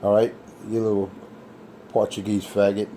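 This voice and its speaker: A man's voice: fairly low pitch, flat delivery, moderate pace, dark tone, a little hiss or hum. A man in casual trash talk, scornful and ranting.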